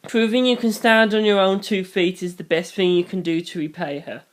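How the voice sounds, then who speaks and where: A reader voicing a soft-spoken, firm mother. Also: medium pitch, moderate pace, lightly acted. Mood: stern. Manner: calm, soft-spoken, reassuring. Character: gentle but firm middle-aged mother. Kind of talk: storybook reading.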